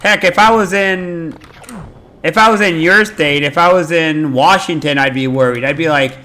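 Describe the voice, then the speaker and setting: Animated, bright-voiced male streamer. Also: on the high side, normal speed, soft background music. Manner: rambling, animated, swears freely. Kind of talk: casual chat while gaming on stream.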